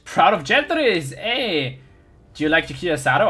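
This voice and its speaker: A young adult German-native streamer, excitable and laughing, swearing and chatting with viewers while playing a game. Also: medium pitch, moderate pace, husky, faint music behind. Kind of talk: live-streamed gameplay chat.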